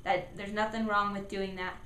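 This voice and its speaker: A woman's voice: medium pitch, level tone, moderate pace, a bit bright. A woman giving upbeat, encouraging speech therapy tips to parents and demonstrating sounds. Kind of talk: instructional talk to parents. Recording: echoey room, faint background noise.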